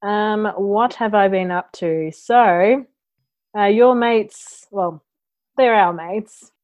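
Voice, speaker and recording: A woman's voice: medium pitch, slow, phone-quality sound. A woman co-hosting a podcast in casual, playful chat. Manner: easygoing, playful. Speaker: podcast co-host.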